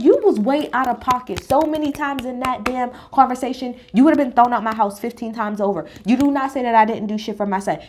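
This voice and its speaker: Woman vlogger, fairly high voice, blunt and foul-mouthed, recapping reality TV. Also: a little hiss or hum. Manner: blunt, profane and opinionated; emphatic, with sudden pitch jumps.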